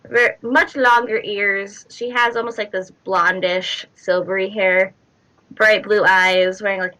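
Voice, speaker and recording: A woman narrates a tabletop game as its game master, loose and chatty, with many fillers and small laughs. Her voice is bright and clear. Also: mid-range voice, poor audio.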